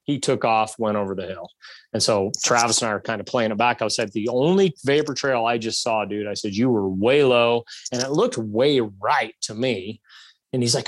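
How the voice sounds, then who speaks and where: A man telling a hunting story in a casual, animated way, acting out shots and bits of dialogue. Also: mid-range voice, moderate pace, no echo.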